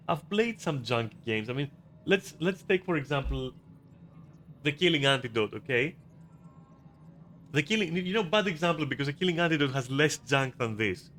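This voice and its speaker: A man's voice: mid-range voice, a bit bright, a little hiss or hum. A man ranting about a video game in casual commentary, profane and exasperated, often restarting his sentences. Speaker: gaming video creator.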